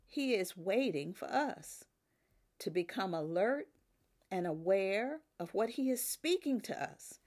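An older woman preaching a sermon, emphatic, with rises on key words and soft drops at the ends of phrases. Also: mid-range voice, lively intonation, takes it slowly.

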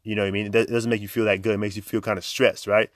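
A man's voice: on the low side, little pitch movement, rapid-fire, no room sound, studio quality. A young man hosting a podcast in a chatty, upbeat way, laughing often and filling with "like". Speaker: podcast host. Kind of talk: casual motivational talk.

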